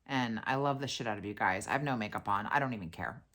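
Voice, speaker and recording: A tired woman hosting her podcast, telling a story in a blunt, profane, animated way. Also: rumbling low, fast. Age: adult with a young daughter. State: tired and worn out. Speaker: podcast host. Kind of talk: casual venting monologue.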